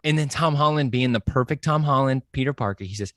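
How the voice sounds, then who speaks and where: A man excitedly discussing a movie, acting out lines and laughing often. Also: medium pitch, fast talker, no echo, studio quality. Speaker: podcast guest.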